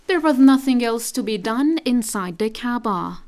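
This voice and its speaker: A woman narrating a radio drama in a steady storytelling manner. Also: on the high side, normal speed.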